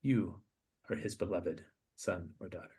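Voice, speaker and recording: A man with a fairly low voice guides listeners through an imaginative meditation. He speaks softly and slowly, pausing and restarting his sentences with a gentle, hesitant touch. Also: slightly rough. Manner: slow, soft, hesitant restarts. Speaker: podcast host.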